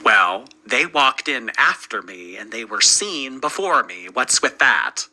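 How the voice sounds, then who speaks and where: A man's voice: mid-range voice, big pitch swings, a little slow, bright, forceful tone, rough recording. A man hosting reaction commentary, wryly skeptical as he picks a story apart. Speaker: commentary host.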